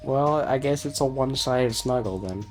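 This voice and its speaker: A woman's voice: rumbling low, moderate pace, a little mellow, soft background music. A woman co-hosting a game playthrough, reading character dialogue aloud and teasing her partner playfully. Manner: playful, teasing, laughs often. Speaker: let's play co-host.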